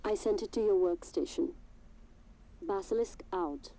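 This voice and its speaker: An actress voicing a calm, businesslike female mission handler in a video game. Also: medium pitch, measured pace, lightly acted, rough recording. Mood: reassuring.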